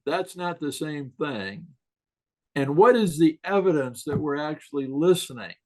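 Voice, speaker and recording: A man who is a guest on a video-call interview, telling anecdotes in a relaxed way and laughing at his own stories. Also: on the high side, a little slow, low-quality recording. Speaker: guest author on questions. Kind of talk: casual interview storytelling.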